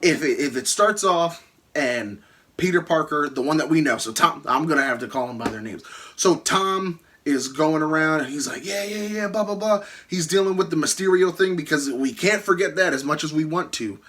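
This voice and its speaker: A man's voice: fairly high pitch, moderate pace. A young man hosting a casual video, animatedly spinning out a movie idea and acting out the scenes. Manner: animated storytelling, acts out scenes. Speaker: YouTube host. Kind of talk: casual movie-fan chat.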